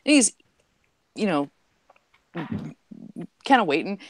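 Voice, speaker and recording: A woman's voice: mid-range voice, sing-song, takes it slowly, dry recording. A woman on a podcast telling long jokes in casual chat, with lots of fillers and little acted voices. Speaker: podcast guest.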